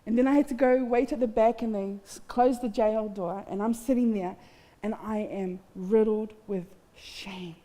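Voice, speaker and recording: With a dark, mid-range voice and fairly even intonation, a woman speaks at normal speed as a festival guest. Her testimony is candid and heartfelt, with a bit of humor at her own expense. The large hall gives the recording a long reverb.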